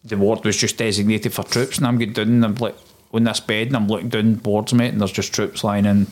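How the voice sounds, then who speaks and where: Low-voiced Scottish man telling his story. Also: little pitch movement, fairly quick. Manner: low-key, plain-spoken, recounting events in long runs. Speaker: former soldier guest. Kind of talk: casual interview storytelling.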